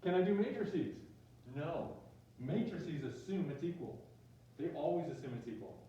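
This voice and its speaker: A male math teacher giving a joking, animated classroom lecture. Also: on the high side, moderate pace. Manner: joking, animated, talks to himself. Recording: echoey room, distant mic, dull sound.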